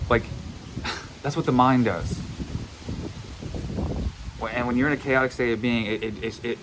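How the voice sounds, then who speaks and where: A man's voice: mid-range voice, steady tone, normal speed, long pauses, noisy background. A man giving a casual motivational monologue as a manifestation coach, blunt and repetitive, swearing now and then.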